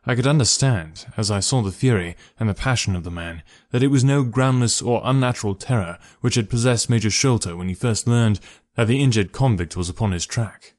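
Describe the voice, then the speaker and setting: A man reading a novel aloud as an audiobook narrator. His voice is somewhat low and his delivery steady and measured.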